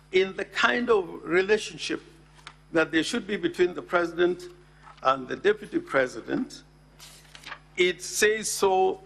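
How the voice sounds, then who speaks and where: Slow, gravelly man pleading formally. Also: on the high side, fairly bright tone. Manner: deliberate, emphatic, reads legal text aloud. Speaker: counsel addressing the Senate. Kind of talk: formal legal address. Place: Senate chamber.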